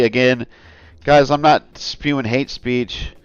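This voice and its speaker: A man's voice: medium pitch, steady tone, slow pace, clear, resonant tone, dry recording, dull audio. A man hosting a casual commentary vlog, talking in a rambling, earnest way and often calling his viewers "guys.". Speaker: channel host.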